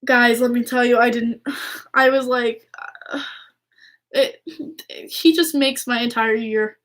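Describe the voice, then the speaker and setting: A young woman with a fairly high voice talks casually to her viewers as a hockey fan vlogger. She is excitable and gushing, tripping over restarts and fillers as she goes. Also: slow pace. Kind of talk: casual chat to camera.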